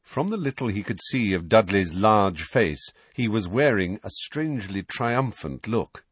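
A man narrating a novel aloud in expressive storytelling. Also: on the low side, unhurried, slightly rough, dry recording, studio quality. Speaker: audiobook narrator. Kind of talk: scripted narration.

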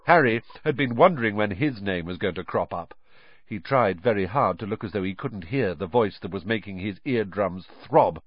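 A man reading a children's novel aloud as audiobook narrator, with expressive storytelling. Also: fairly low pitch, moderate pace. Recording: dry, dull lo-fi recording.

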